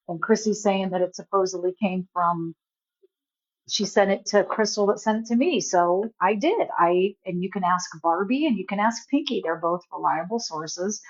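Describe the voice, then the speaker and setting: A woman vlogging in a casual rant, indignant and rambling, often cutting herself off mid-sentence. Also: medium pitch. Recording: dull lo-fi phone audio.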